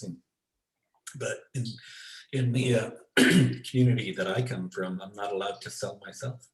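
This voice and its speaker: Low-voiced man telling stories, echoey room. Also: a little slow. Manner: storytelling, acts out quoted voices, many restarts. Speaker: guest expert. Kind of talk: conversational interview storytelling.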